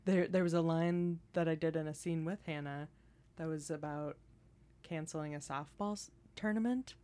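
Playful woman comedian, lowish voice. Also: mellow. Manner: playful, slips into quick joke voices. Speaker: comedian guest. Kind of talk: casual podcast chat.

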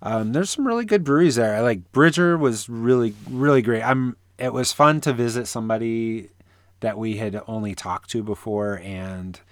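A man's voice: medium pitch, normal speed, dry recording. A man co-hosting a casual podcast, joking and rambling with many restarts. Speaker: podcast co-host. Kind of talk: casual chat.

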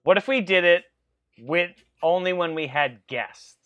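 A man co-hosting a podcast, chatting casually and excitedly while watching wrestling, joking and laughing often. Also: high voice, measured pace, highs cut off. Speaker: podcast co-host.

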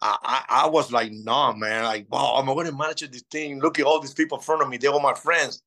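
A man in his fifties, a native Spanish speaker, telling lively stories in a casual interview and acting out old conversations. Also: medium pitch, brisk, rough recording. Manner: animated, acts out past dialogue. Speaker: interview guest.

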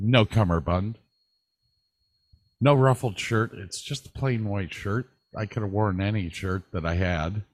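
Slow, low-voiced man telling stories. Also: dry recording. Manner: animated storyteller, swears, mimics people he quotes. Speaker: podcast co-host. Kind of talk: casual chat.

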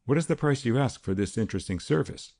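A man's voice: mid-range voice, lively intonation, fast talker, darkish tone, dry recording, clean studio sound, pitched above the performer's own voice. A man voicing a bold, aggressive schemer who talks with blustering sarcasm. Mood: sarcastic.

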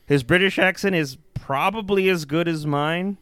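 A man co-hosting a casual movie review chat, talking in an animated way with lots of fillers, restarts and swearing. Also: a little high, normal speed, clear, resonant tone, no room sound. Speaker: podcast co-host.

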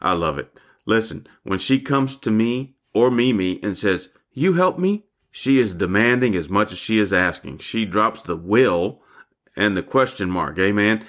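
An older man delivers a devotional sermon with fervent conviction. His voice sits somewhat low, and he calls his listeners family as a pastor would. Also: fairly bright tone.

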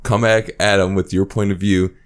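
Deep-voiced laid-back man chatting. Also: little pitch movement, moderate pace, smooth. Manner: laid-back, hesitant, with frequent laughs. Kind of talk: casual chat.

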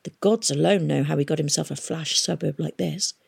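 A woman reading a novel aloud, voicing a blunt, hard-bitten young woman who speaks curtly and flatly. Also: low voice, a little fast, creaky, breathy edge, no room sound, clean studio sound, exaggerated voice. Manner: curt and flat.

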